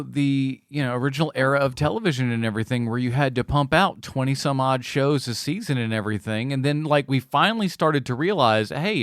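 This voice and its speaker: A man co-hosting a casual movie podcast, animated and quick to joke. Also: medium pitch, no echo, studio quality. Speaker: podcast co-host. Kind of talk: casual chat.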